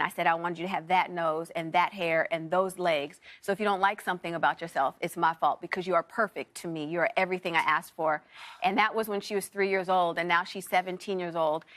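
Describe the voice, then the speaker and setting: Heartfelt woman guest telling stories. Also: fairly low pitch. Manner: warm storytelling, heartfelt. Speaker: actor and author guest. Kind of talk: morning show interview. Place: TV studio.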